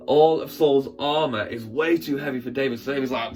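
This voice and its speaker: A man, a church presenter, telling a Bible story in a lively, acted-out way with sound effects. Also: medium pitch, brisk, hardly any pauses, faint music behind.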